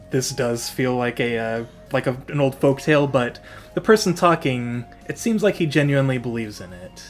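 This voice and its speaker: Relaxed male game master. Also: medium pitch. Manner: relaxed, chatty, laughs often. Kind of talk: narrating a tabletop game.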